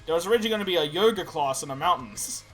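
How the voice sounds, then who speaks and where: A young man co-hosting a podcast, recounting game stories in a casual chat, swearing freely and acting out quotes loudly. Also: fairly high pitch, animated, rapid-fire, faint music behind. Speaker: podcast co-host.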